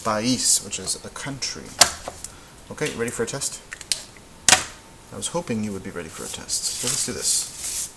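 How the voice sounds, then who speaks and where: A man's voice: fairly low pitch, expressive, normal speed, gravelly, long pauses, very noisy. A man teaching a casual Spanish lesson, thinking aloud as he goes, with frequent ums and restarts. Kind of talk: casual classroom-style lesson.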